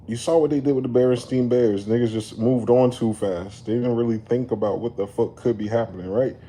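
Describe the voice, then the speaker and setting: A man ranting in a late-night commentary vlog, animated and profane, repeatedly telling listeners to slow down. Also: medium pitch. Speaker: commentary vlogger. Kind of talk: late-night rant to camera.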